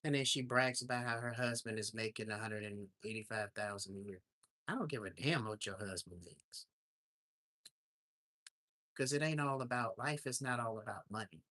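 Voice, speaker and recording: A man's voice: mid-range voice, sharp tone, no room sound. A man hosting a casual livestream, telling a story in an indignant, ranting way. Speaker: livestream host. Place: home in Alaska.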